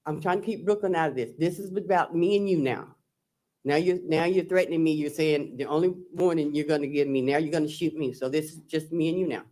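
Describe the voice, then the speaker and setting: A woman's voice: low voice, a little fast, dark tone. Woman testifying, quoting old texts. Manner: recounting and quoting text messages. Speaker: defendant testifying. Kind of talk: courtroom testimony. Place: courtroom.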